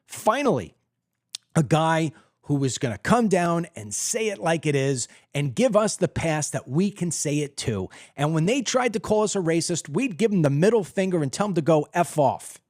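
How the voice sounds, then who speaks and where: A man's voice: on the high side, very animated, moderate pace, no echo, studio quality. A man hosting a political commentary show, delivering a heated, emphatic monologue from his desk at home. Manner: emphatic, heated, acts out other people's reactions. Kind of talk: opinionated monologue.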